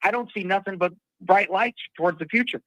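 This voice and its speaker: A man's voice: sits high, brisk, a bit bright, no echo, low-quality recording. A man calling in to a fan show, talking in an upbeat, optimistic way. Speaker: caller. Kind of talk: casual call-in chat.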